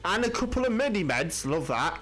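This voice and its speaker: A man with commenting on a video game he is playing, excitable, jumpy and swearing often. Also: high-pitched, a little fast, slight background noise. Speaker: gaming channel host. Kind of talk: let's-play commentary.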